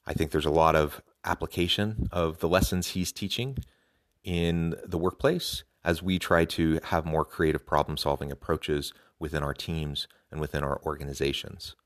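A man's voice: extremely low pitch, flat delivery, moderate pace. A man hosting a podcast, talking earnestly and enthusiastically about a talk, with some fillers and restarts. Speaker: podcast host. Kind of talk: podcast commentary.

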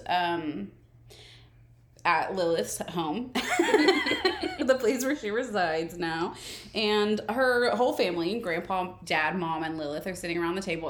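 A woman co-hosting a casual chat that recaps a TV episode, animated and laughing often. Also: medium pitch, a little slow. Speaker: podcast co-host. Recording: roomy echoey recording.

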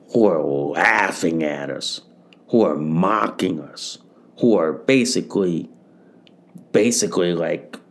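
Slow, gravelly-voiced man hosting a podcast. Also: low-pitched. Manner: repeats phrases, swears often, addresses listeners as guys. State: tired. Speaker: podcast host. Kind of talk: solo podcast monologue.

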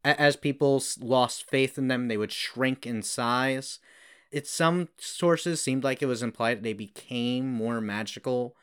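Smooth-voiced man explaining folklore on a podcast. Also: mid-range voice, unhurried, a bit bright. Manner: explains folklore at length, hedging and self-deprecating. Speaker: podcast co-host. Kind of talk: casual film-discussion podcast.

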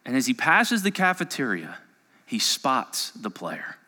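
Animated pastor preaching in a reverberant hall. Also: male voice, medium pitch, a little slow. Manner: storytelling with big swings between hushed and raised passages. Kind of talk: sermon.

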